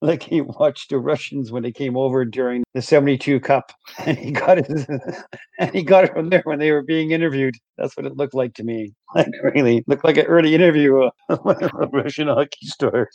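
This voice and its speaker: A man's voice: fairly high pitch, moderate pace, vocal fry, a little mellow, no room sound. A man as a podcast guest chatting casually about a film, rambling and chuckling often. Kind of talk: casual movie review chat. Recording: dull, dry lo-fi sound.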